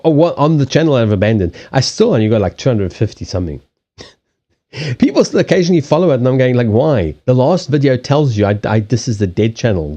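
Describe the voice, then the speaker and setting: A man's voice: on the low side, dark tone, muffled recording. A man chatting casually on a live stream from a desk in a small home, rambling through restarts and swearing freely. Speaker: live streamer and card reader. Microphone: desk microphone on a stand.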